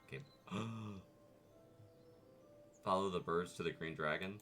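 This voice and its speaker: A man streaming a video game, playful and excitable, chatting his way through and greeting the animals. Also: sits low, measured pace, soft background music. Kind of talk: casual gameplay commentary.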